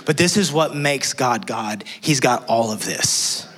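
A man preaching a sermon, earnest, dropping to a soft hush when he voices prayers and quotes. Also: medium pitch, animated, a little slow, slightly rough. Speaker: pastor.

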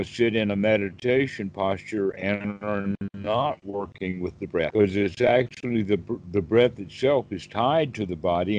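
A man's voice: lowish voice, a little mellow, lo-fi sound, slight background noise. A man, a Buddhist teacher, explaining patiently on a one-on-one call and asking rhetorical questions. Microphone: video call.

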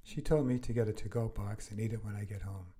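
A man with a low, husky, mellow voice reads a first-person grief memoir as a podcast host. His delivery is slow, measured and earnest, with an air of breath behind the words. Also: fairly even intonation.

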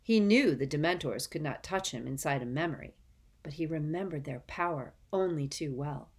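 A woman narrates a storybook aloud in a measured, even manner. Her voice sits low. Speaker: audiobook reader.

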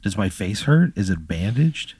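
A man's voice: fairly low pitch, big pitch swings, normal speed, a little mellow, slightly rough, no echo. A man playing himself in an improvised comic scenario, reacting with exasperation and plenty of swearing. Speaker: podcast co-host playing along. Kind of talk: improvised comedic role-play.

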